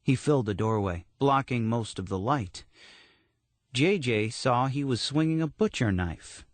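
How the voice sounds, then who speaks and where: A man narrating a horror story audiobook in a steady, measured storytelling manner. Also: medium pitch, no room sound.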